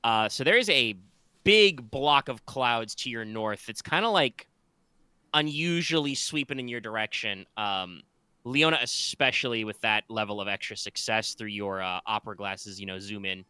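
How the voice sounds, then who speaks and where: A man narrating a tabletop game as its game master, his voice bright and smooth. He is close to the mic in a dry room. He wanders through fillers and restarts as he describes the scene. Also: on the low side, moderate pace, dry recording. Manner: rambling, with many fillers and restarts.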